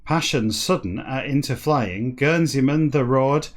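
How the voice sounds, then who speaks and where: A man reading a book aloud for comedy, breaking off into dry, deadpan asides. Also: mid-range voice, unhurried, few pauses. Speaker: comic reader.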